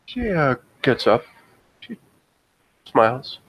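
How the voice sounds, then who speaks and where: Slow-talking man at a tabletop game. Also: medium pitch, very animated, a bit bright, slightly rough, no echo, poor audio. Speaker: player. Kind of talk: casual play at a tabletop game.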